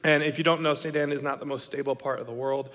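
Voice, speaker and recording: A man in his thirties telling a story to an audience, animated and dramatic, acting out the lines of the people in it. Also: medium pitch, fast. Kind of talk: storytelling talk. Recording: long reverb of a hall.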